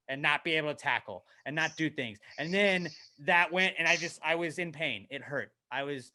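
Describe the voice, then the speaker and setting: A man riffs on a casual comedy podcast in a bright, sharp voice that sits a little high for a man. He rants with plenty of swearing and mocks himself. He drops into low mumbles, then bursts out loud. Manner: profane, ranting, self-mocking; animated, swinging from mumbling to yelling. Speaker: podcast co-host.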